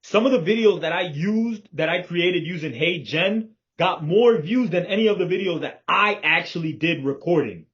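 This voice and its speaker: A man's voice: high voice, animated, normal speed, hardly any pauses, a bit bright. A man in casual planning talk with a business partner, confident and emphatic and swearing freely, heard over a video call. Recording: dull lo-fi call audio.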